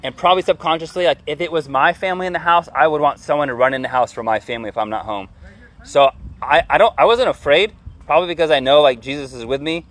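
A man in his thirties telling a story casually, full of fillers and acting out shouted lines. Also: on the high side, fast talker. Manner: animated, lots of fillers, acts out yelling.

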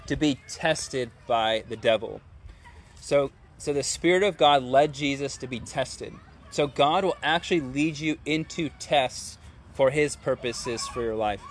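This preacher's voice sits on the higher side, with a bit of hiss or hum in the recording. His sermon is conversational and peppered with rhetorical questions for the congregation.

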